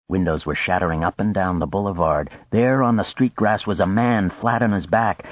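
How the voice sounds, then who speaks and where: A man reading a novel aloud as an audiobook narrator, with steady, deliberate storytelling. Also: deep voice, dry recording, highs cut off.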